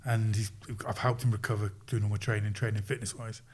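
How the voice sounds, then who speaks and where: A man guest on a podcast, telling stories in an animated, casual way and acting out quoted voices. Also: fairly low pitch, a little fast, breathy edge. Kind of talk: casual storytelling.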